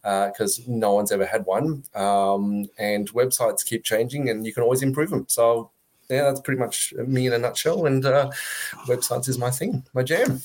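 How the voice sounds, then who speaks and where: A man's voice: mid-range voice, moderate pace, darkish tone. An Australian man talking as an interview guest, chatty and joking, full of fillers and restarts. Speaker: guest, web agency founder. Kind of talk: casual interview talk.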